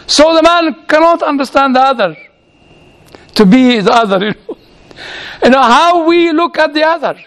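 A man's voice: very high-pitched, a bit bright. A man who is a lecturer and chaplain tells humorous anecdotes in a chatty way. He acts out the dialogue he quotes. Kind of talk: anecdotal storytelling talk.

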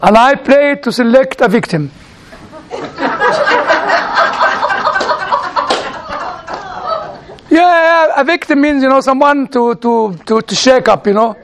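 High-voiced preacher telling chuckling stories. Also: male voice, expressive, a little hiss or hum. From outside the United States. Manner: halting, repeats words while searching, chuckling asides. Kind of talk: sermon told as personal stories.

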